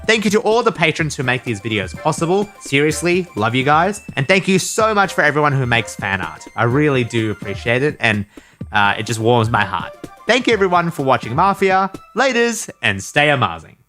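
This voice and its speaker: An excitable man hosting an animated story channel, his bright voice swooping up and down as he narrates and teases his friends. He keeps things playful and quick to exclaim. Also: fairly high pitch, faint music behind. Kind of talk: playful narration and bantering direction of a recording session.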